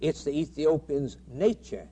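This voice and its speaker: A man's voice: a little high, lively intonation, unhurried, mellow, slight background noise. A man preaching a sermon with emphatic, rhythmic repetition.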